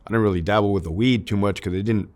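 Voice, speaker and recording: A man's voice: on the low side, steady tone, quick pace, a little mellow. A man in his thirties, an army veteran, speaking as an interview guest in candid, emotional conversation, with a lot of "dude" and "like" and some swearing.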